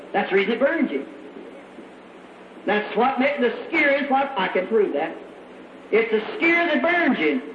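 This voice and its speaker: A man preaches with fervent, folksy conviction, his voice pitched unusually high. The sound is muffled and old, as if taped in a roomy hall, with a faint hum of the room behind him. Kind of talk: sermon. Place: church meeting hall. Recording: echoey, dull old hall recording.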